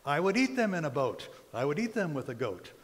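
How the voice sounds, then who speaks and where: A man's voice: on the high side, very animated, brisk. A stubborn, grumpy character who turns down a strange dish again and again, as a preacher reads him aloud. The man's lines bounce along in a sing-song rhyme, and his voice rings out in a church hall with a long reverb. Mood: delighted. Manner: sing-song rhyming recitation. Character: stubborn grumpy man refusing food.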